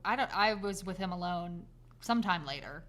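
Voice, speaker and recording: A woman co-hosting a casual podcast, comforting a listener and telling a story with animated delivery. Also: on the low side, normal speed. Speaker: podcast co-host. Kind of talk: casual chat.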